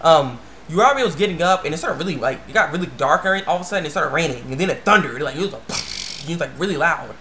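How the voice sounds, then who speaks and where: A man's voice: on the high side, lively intonation, fast, few pauses, pushed and bright, a little hiss or hum. A young man casually recapping an anime episode, rambling with lots of fillers and "he's like". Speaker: anime reviewer.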